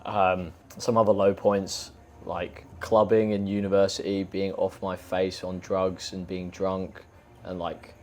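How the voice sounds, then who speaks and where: A man's voice: low voice, unhurried, soft background music. A young man from England, a podcast guest, telling stories in casual chat and swearing freely. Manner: swears a lot, animated storytelling.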